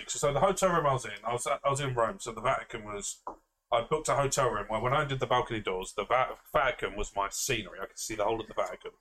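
A casual, storytelling male podcast co-host speaks in a mid-range, slightly bright voice. He rambles, mocks himself, swears freely and laughs often, with faint background noise behind him.

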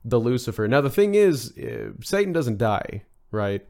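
A man's voice: medium pitch, huge pitch swings, a little slow, creaky, dark tone. A man chatting as a podcast guest, rambling with many fillers and restarts. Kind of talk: casual podcast discussion.

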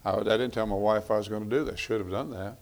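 A man's voice: fairly low pitch, fairly even intonation, fast, creaky. A middle-aged man preaching a sermon on marriage in a folksy, conversational way, repeating phrases for emphasis.

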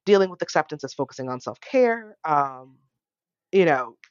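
A woman co-hosting a podcast in casual chat, talking haltingly with lots of fillers. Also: low voice, animated, clear, resonant tone, dry recording, muffled recording. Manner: halting, filler-heavy, quotes family in little voices. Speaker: podcast co-host.

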